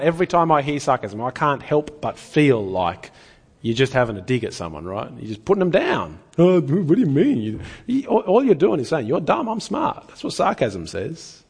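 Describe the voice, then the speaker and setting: A man's voice: mid-range voice, slightly rough. A man preaching a sermon in an earnest, conversational way, often asking the listeners rhetorical questions.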